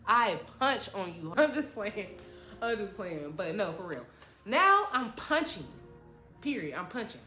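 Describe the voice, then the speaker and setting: A woman's voice: medium pitch, big pitch swings, unhurried, bright, forceful tone. A young woman telling a dramatic, slangy story from her childhood in a vlog. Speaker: vlogger. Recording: echoey room with faint music.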